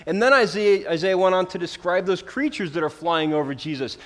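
Male preacher, fairly high voice, earnest sermon delivery with emphatic swells. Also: a little fast. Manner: earnest and emphatic, rising and falling in volume for emphasis.

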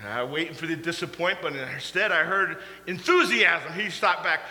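A man preaching a storytelling sermon, animated and laughing through his stories. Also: on the high side, normal speed, few pauses. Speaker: pastor. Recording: echoey hall, faint hum.

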